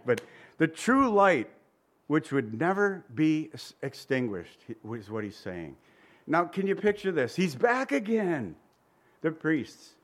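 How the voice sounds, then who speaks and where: A male preacher giving a sermon, telling the story vividly and asking the listeners rhetorical questions. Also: a little high.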